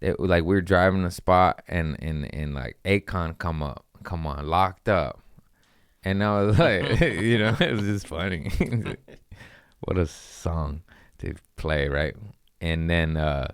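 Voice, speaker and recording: A young man telling a wild story in casual podcast chat, swearing freely and jumping into high voices when he quotes people. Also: slow pace, smooth, no room sound, studio quality. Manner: animated, acts out quotes with sudden pitch jumps, swears freely.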